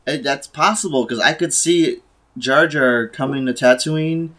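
A man's voice: mid-range voice, measured pace, fairly bright tone. A young man in a casual podcast chat, playful and joking. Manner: playful, does silly voices.

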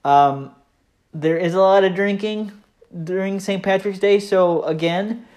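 A podcast host, a man with a Michigan accent, talks on his own in a loose, rambling way. He pokes fun at himself and fills his pauses with plenty of ums and uhs. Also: high voice, darkish tone. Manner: rambling, self-deprecating, chatty with frequent fillers. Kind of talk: casual solo podcast monologue.

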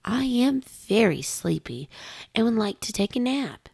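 A woman voicing a hungry, tired little girl in a storybook reading, speaking slowly and drawn-out. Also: fairly high pitch, big pitch swings, vocal fry, a little mellow, breathy edge, no echo, pitched above the performer's own voice, exaggerated voice.

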